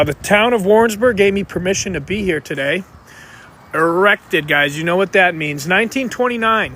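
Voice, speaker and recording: A man with a high, light voice hosts a live stream from a town square and talks straight to his viewers in an upbeat way. He is recorded on a phone outdoors, with clear street and traffic noise behind him. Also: fairly bright tone. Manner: upbeat, addresses viewers directly, hypes the stream. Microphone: phone camera. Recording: noisy outdoor street sound.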